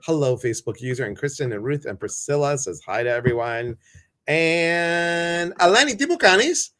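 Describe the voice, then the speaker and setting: A man's voice: a little high, very animated, normal speed, a bit bright. A man hosting a live stream, chatting casually and greeting viewers one by one by name.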